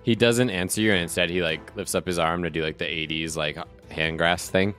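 A man's voice: sits low, fairly even intonation, fairly quick, fairly bright tone, faint music behind. A man narrating as game master of a tabletop game, casual and loose with many fillers. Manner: casual, full of "like" fillers, laughs often.

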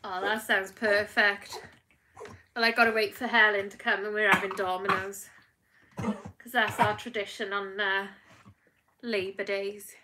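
A British woman filming a casual vlog at home, talking to her dogs in soothing baby talk that often drops to a hush. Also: mid-range voice, level tone, measured pace, long pauses, slight background noise. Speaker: dog breeder filming her dog's labour. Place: at home indoors.

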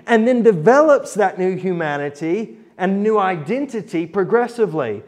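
A man preaching a sermon in a fairly high voice. He talks earnestly, rising loud to stress a point and dropping soft for quiet ones, and reads scripture aloud with drama.

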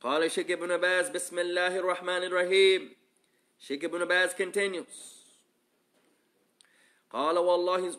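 A man's voice: sits high, sharp tone. A man teaching a religious lesson, reading Arabic text and translating it into English, often asking the listeners rhetorical questions. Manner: asks the audience rhetorical questions; reads Arabic quickly, explains in English more slowly. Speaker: Islamic teacher.

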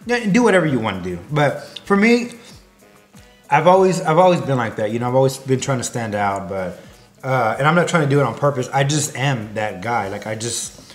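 Rambling, jokey man with a lively voice. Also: mid-range voice, a little fast, faint music behind. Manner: rambling, jokey, goes off on tangents. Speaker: food business promoter. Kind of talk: comedic promo talk to camera.

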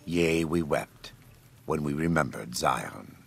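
An actor playing a stern, scripture-quoting warrior preacher in a video game, speaking slowly and solemnly with a gravelly, husky voice. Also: male voice, a bass voice, animated, fairly bright tone, soft background music, exaggerated voice. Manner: slow, measured, solemn delivery.

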